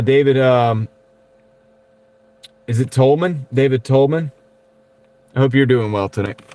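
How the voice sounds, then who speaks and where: A man's voice: mid-range voice, no room sound. A Texan man chatting casually on a livestream from his car, laughing often and reading out viewer comments. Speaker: livestreaming delivery driver. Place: car, while driving. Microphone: wireless clip-on mic.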